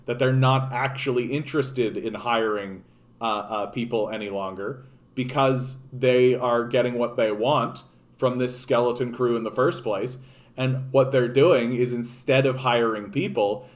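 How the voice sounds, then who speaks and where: Male streamer from Canada, mid-pitched, loose rambling delivery with false starts and profanity. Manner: rambling, frequent restarts and profanity. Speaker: political livestream host. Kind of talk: casual unscripted commentary.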